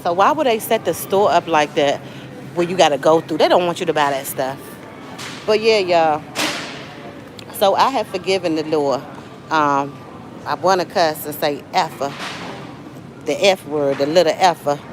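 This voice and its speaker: A woman's voice: sits low, normal speed, long pauses, music in the background. A woman from the Southern US with a Southern accent, chatting casually to livestream viewers while shopping and breaking into sudden exclamations. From Southern United States. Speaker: livestream host. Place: grocery store. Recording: noisy store ambience.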